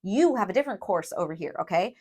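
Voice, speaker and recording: A woman giving a tarot reading to viewers, emphatic and emotional, often checking in with a quick "okay?". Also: medium pitch, lively intonation, a little mellow. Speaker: tarot reader.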